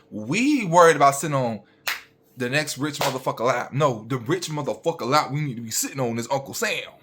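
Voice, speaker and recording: A man's voice: mid-range voice, sharp tone, slightly rough. A young man, a registered nurse, ranting bluntly and profanely straight at his viewers.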